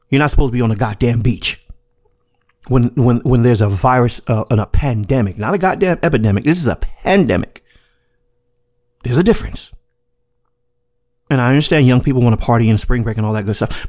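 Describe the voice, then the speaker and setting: A man hosting his own show, talking in an emphatic, swearing monologue. His pitch swings widely as he presses his points, often repeating himself. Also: a little mellow. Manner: emphatic, repetitive, profane. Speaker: podcast host. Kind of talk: casual commentary monologue.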